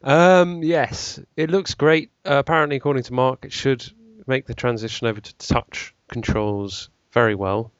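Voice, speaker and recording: A young British man in a relaxed podcast chat, joking and chuckling between news items. His voice is mid-pitched and conversational. The mic sound is dry and a touch dull. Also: normal speed, few pauses, no echo. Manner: jokey, laughing often, reading news items. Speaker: podcast co-host. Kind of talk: casual chat.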